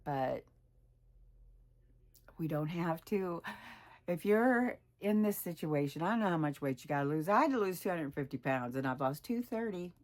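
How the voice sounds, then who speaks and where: A woman's voice: fairly low pitch, a little mellow. A woman in her sixties talking candidly in a personal vlog, reflective and rambling, sometimes dropping to a whisper. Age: 60s. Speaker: weight loss vlogger.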